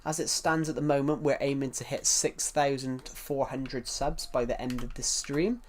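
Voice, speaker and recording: There's a little hiss or hum as a young southern English man speaks at normal speed in a mid-range, fairly even voice. He's casually live-streaming a game, wandering through chat messages and frequently restarting what he says.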